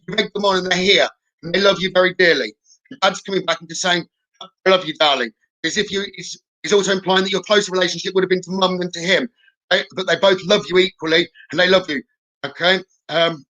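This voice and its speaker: Through poor audio, a psychic medium with a high, sharp-toned voice delivers live spirit messages. He offers reassurance, constantly punctuating his words with "okay?"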